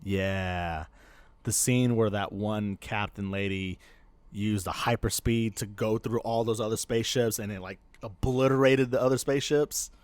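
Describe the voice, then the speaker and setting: A podcast co-host tells rambling stories in casual chat, laughing often and frequently restarting his sentences. His fairly low voice is clear and resonant, steady in tone at a moderate pace, with no room sound.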